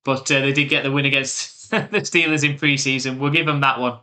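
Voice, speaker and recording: Very bright-voiced English man commentating. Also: mid-range voice, fairly quick. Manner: relaxed chatty, reads out viewer comments. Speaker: live stream commentator. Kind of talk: live play-by-play and chat with viewers.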